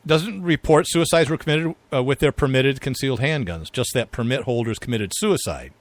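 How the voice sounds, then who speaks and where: A man's voice: medium pitch, expressive, brisk, no echo. Male co-host, casual and rambly, dry close recording. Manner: rambling, chuckling, filler-heavy. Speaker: podcast co-host. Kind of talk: casual political chat.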